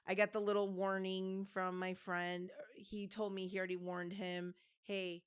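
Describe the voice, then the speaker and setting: A woman's voice: medium pitch, level tone, a little slow, smooth. A woman in her fifties co-hosting a podcast, telling a long personal story in a rambling way, full of restarts and fillers. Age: 50s. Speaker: podcast co-host. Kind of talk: casual chat, storytelling.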